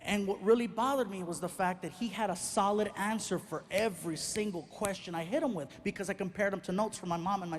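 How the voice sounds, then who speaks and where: A male stand-up comedian tells a long personal story and acts out each exchange. His voice sits notably high for a man. There is faint noise in the background. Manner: animated, acts out every exchange.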